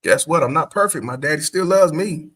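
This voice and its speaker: A man's voice: a little high, brisk, a bit bright, husky. A man hosting a casual reaction show, profane and laughing often as he comments. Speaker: host.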